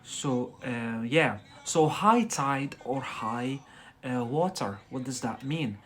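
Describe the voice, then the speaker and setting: A man hosts a live-streamed English lesson, speaking slowly and deliberately. His voice sits at an ordinary middle pitch, and he keeps checking in with his viewers as he explains each word. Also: expressive, a bit bright. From Algeria. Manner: deliberately slow, frequent "yeah?" check-ins. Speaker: English tutor livestreamer.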